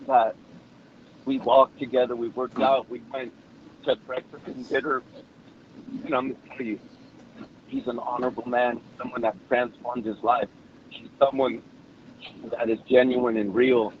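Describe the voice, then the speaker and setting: A man's voice: medium pitch, flat delivery, a little slow, pauses often, dull audio, background noise. A man giving an emotional, earnest statement of support at a parole hearing, speaking by phone. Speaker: public commenter at parole hearing.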